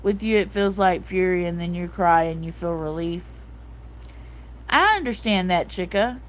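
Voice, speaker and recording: A woman's voice: on the low side, lively intonation, normal speed. A woman in her forties hosting a livestream, chatting casually and emotionally, often saying "like" and "um" and reading out comments from her live chat. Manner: soft-hearted, emotional, reads out chat comments; repeats herself, fillers like "like" and "um". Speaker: livestream host.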